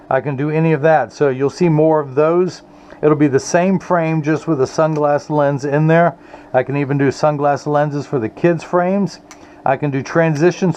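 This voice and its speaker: A man's voice: a little high, a little mellow. Earnest man talking in his eyewear shop. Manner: earnest, rambling, sentimental. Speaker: optician and eyewear maker. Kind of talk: casual talk to camera while making glasses. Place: eyewear workshop. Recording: slightly dull audio with faint room noise.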